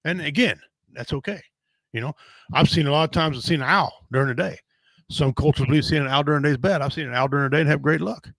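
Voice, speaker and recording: A man's voice: fairly high pitch, fast, gravelly, fairly bright tone, dry recording, poor audio. A middle-aged man hosting a casual podcast chat, talking in a blunt, rambling, folksy way with casual swearing. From Native American.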